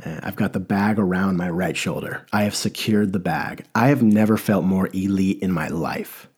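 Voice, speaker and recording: A young man telling a rambling comic story in a deadpan way, stammering and restarting often. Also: sits low, normal speed, breathy edge.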